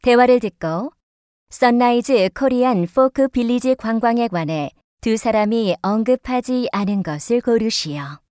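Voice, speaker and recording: A woman announcing question numbers and instructions for a listening exam in a brisk, formal read. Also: fairly high pitch, darkish tone, clean tone, no echo, clean studio sound. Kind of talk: reading test instructions.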